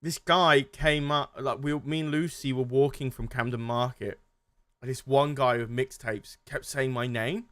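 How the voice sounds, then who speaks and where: Man, podcast co-host, halting storyteller, dry close mic. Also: mid-range voice, fairly even intonation, a bit bright, no room sound. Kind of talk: casual chat.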